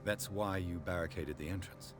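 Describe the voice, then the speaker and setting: An actor playing a level-headed male police investigator in a video game, speaking in a calm, persuasive way. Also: sits low, moderate pace, natural voice. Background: game music.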